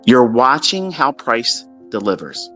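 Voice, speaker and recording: A man's voice: medium pitch, sing-song, slow pace, fairly bright tone, faint music behind. A man giving a trading lesson as a motivational rant, blunt, exasperated and full of swearing. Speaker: trading mentor.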